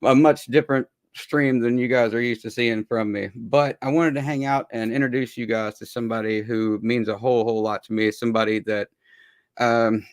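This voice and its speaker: A man hosting a laid-back stream, talking loosely with swearing and frequent laughs, with a gravelly voice. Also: mid-range voice, no room sound. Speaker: stream host. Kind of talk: casual laid-back chat.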